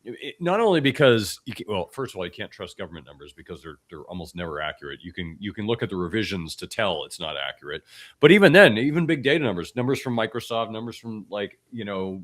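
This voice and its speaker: A man hosting a podcast, hoarse from a cold, talking bluntly and with opinion, often restarting his sentences. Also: very animated, quick pace, a bit bright. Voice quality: extra deep voice. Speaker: podcast host. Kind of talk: casual podcast commentary.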